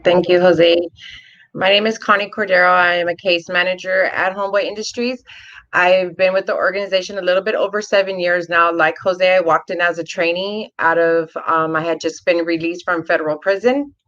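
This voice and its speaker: A woman's voice: on the low side, steady tone, fairly quick, a bit bright. A woman in her thirties, a case manager, telling her own life story in a talk, candid and direct. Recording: dull lo-fi sound from off mic.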